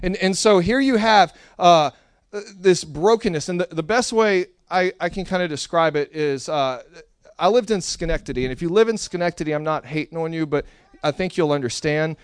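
A young man preaching a sermon, telling a story with animated acted-out dialogue. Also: a little high, normal speed, smooth, no echo, clean studio sound. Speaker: pastor.

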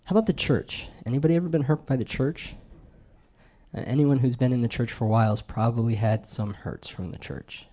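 Middle-aged male preacher, warm mellow voice, chatty sermon delivery, throws questions at the congregation. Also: mid-range voice, fairly quick. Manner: conversational, asks the crowd questions.

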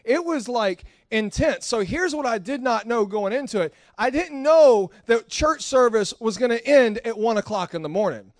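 A man preaching a sermon in a church, telling animated, self-mocking stories with frequent restarts. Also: extremely high pitch, no echo, clean studio sound. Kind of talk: storytelling sermon. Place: church hall.

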